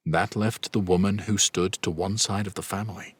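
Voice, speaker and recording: A man narrating a fantasy audiobook in a steady, even storytelling manner. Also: fairly low pitch, moderate pace, few pauses, slightly rough, no room sound. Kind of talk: scripted narration.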